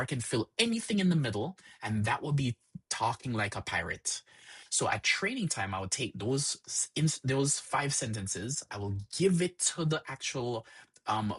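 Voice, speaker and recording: Host, male, husky, rambling live-stream teacher who answers chat as he goes. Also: on the low side, a bit bright. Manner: rambling, repeats "actually" and "so", explains with examples.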